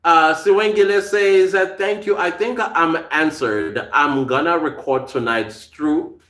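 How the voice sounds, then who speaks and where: A chatty South African host with a hint of American in his accent reads viewer comments on a live podcast, laughing often in casual stream talk. He speaks a little slowly in a fairly high, slightly bright voice, and the sound is reverberant.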